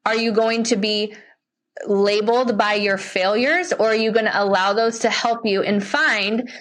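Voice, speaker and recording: A woman's voice: medium pitch, unhurried. A young woman, a life coach, speaking in an earnest and heartfelt way in an interview, often restarting her sentences. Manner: animated and heartfelt, with many restarts. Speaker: life coach and podcast guest.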